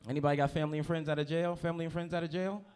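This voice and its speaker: Stand-up comic teasing the crowd. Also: male voice, a little high, fairly even intonation, rapid-fire, darkish tone, clean tone. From New Jersey. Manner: loose, conversational, teases the crowd. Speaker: stand-up comedian. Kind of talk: stand-up comedy set. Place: comedy club stage.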